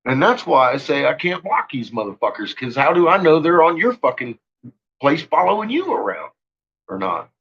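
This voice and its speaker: A man hosting a livestream in a casual, profane rant, laughing often and swinging from low mutters to loud shouting. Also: sing-song, moderate pace, lo-fi sound, a little hiss or hum. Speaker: livestream host.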